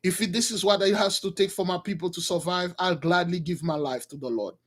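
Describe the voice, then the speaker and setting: A man voicing a devoted young daughter, soft and calm. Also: high voice, brisk, pitched below the performer's own voice.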